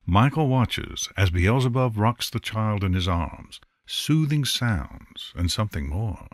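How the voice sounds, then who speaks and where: A man narrating a fantasy novel in an unhurried, expressive storytelling manner. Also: on the low side, dry recording, studio quality. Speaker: audiobook narrator. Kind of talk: scripted narration.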